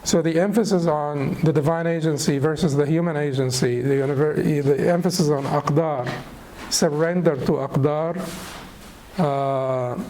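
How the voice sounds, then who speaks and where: A middle-aged man teaching a lecture on spirituality, unhurried and thoughtful, pausing with fillers and restarting phrases. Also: on the high side, dark tone, a little hiss or hum, rough recording. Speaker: Islamic studies teacher.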